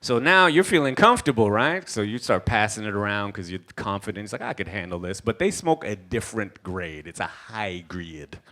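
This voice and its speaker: A man's voice: on the low side, sing-song, moderate pace, hardly any pauses, pushed and bright. A young man performing a stand-up comedy set, telling stories animatedly with lots of asides.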